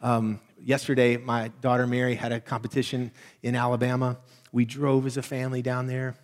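Animated preaching man in a reverberant hall. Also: mid-range voice, fairly quick. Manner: conversational, animated preaching with frequent "right?". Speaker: pastor. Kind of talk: sermon. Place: church sanctuary.

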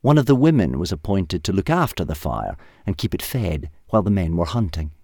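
Deep-voiced man reading a story. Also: brisk, no echo, studio quality. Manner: lively, expressive reading.

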